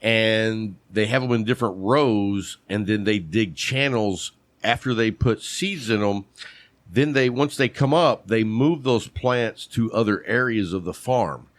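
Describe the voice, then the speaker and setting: Playful quizzing man, low voice. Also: unhurried, dry recording. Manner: playful quizmaster, shouts "bam" on right answers. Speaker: podcast co-host quizzing on cigar terms. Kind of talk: casual chat.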